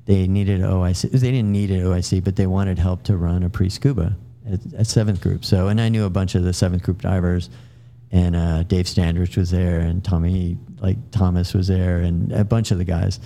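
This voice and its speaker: Gravelly, deep-voiced man telling war stories. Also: flat delivery, moderate pace, dark tone, slight background noise. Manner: rambling anecdotes with frequent fillers and restarts. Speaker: podcast guest, military veteran. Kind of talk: casual storytelling.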